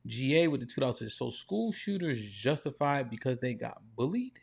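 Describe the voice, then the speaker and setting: A man's voice: medium pitch, big pitch swings, normal speed, creaky, breathy edge. A man hosting a livestream panel, reading donor messages aloud in a casual, slangy way. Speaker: host reading superchats.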